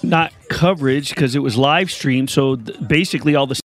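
A man's voice: medium pitch, fairly quick, soft background music. A man co-hosting sports radio, insistent and sarcastic. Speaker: radio co-host. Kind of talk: casual sports radio chat.

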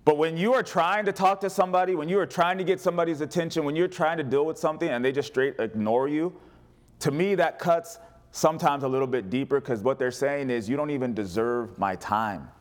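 A man preaching a sermon as pastor, animated and humorous, calling on the congregation to respond. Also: fairly high pitch, fast.

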